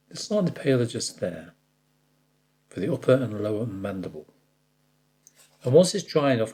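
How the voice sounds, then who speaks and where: A man talks viewers through a watercolour painting in a mellow, warm tone. His pitch moves in an animated way as he explains each step. He chats easily and pokes fun at his own mistakes along the way. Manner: chatty, addresses the viewer directly, jokes at his own slips. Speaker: watercolour art tutor.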